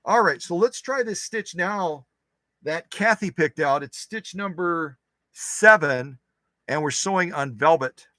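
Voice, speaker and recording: A man's voice: fairly high pitch, lively intonation, a little slow, pushed and bright, dry recording. A man hosting a sewing machine channel, demonstrating stitches in his workshop in a chatty, joking way. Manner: chatty, joking, talks to himself while working.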